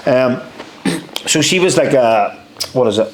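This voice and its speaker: A man in his thirties with a Northern Irish accent, telling a story as a podcast guest in an animated way, swearing freely and saying "mate.". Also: mid-range voice, takes it slowly, a little hiss or hum. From Northern Ireland. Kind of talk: casual storytelling. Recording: roomy echo, faint ambience.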